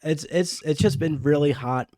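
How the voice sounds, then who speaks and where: Relaxed male podcast co-host, dry sound. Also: on the high side, normal speed, dry recording. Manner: relaxed, hesitant, joking. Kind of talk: casual podcast chat.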